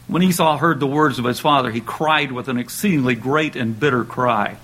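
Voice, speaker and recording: A man delivers a sermon in a conversational way, restarting phrases and lifting his pitch and volume when reading dramatic scripture quotes aloud. He talks a little fast with few pauses, his tone fairly bright, on a low-quality recording.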